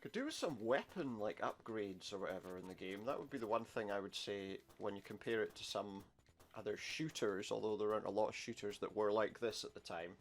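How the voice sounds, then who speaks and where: Speaking a little fast in a fairly low voice, a man comments on the retro game in front of him. It's relaxed let's-play commentary: wry jokes, mumbled asides, and game music running underneath.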